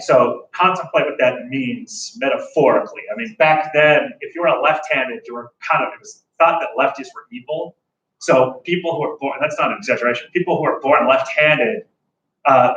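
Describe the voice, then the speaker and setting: A man's voice: mid-range voice, a bit bright, distant mic, dull audio. A man teaching a history class in a conversational way, now and then acting out the voices of ordinary people. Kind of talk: classroom lecture. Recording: echoey room, speaker off-mic, faint room noise.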